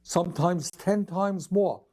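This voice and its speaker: An older male senator speaks earnestly, in a complaining tone, in a clip from a political speech. His voice is slightly high. The tone is soft and warm. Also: slow pace.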